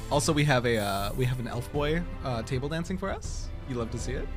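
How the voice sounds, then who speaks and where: A man streaming a video game live, reacting excitably with gasps and laughter as he comments. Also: mid-range voice, normal speed. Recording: game music playing under the voice.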